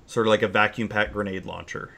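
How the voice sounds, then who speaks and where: A man narrating as game master in a casual tabletop session, describing scenes haltingly with many fillers. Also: fairly low pitch, steady tone, vocal fry, bright, forceful tone.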